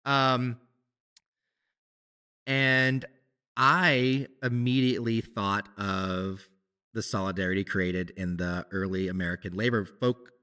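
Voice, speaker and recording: A man co-hosting a podcast, talking in a casual, animated way with many restarts. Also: lowish voice, takes it slowly, long pauses, clear, resonant tone. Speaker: podcast co-host, musician. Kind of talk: casual conversation.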